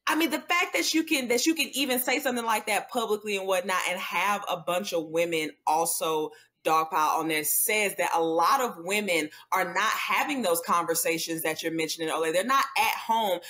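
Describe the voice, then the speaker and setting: A woman's voice: on the low side, brisk, bright, forceful tone. A woman on a casual video-call panel, emphatic as she builds her argument.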